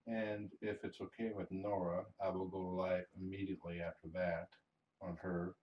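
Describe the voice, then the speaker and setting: Live-streaming as a cat fosterer, a man speaks softly and fondly coos to the cat while explaining the next steps to viewers, restarting phrases as he goes. His voice is low-pitched and flat at normal speed. The casual stream sounds roomy, with the mic some distance away and a little hiss or hum.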